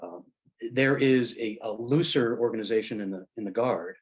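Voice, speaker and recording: This is a casual, rambling storyteller: a middle-aged veteran with a mid-range voice. He stumbles through his tales, restarting often and leaning on fillers.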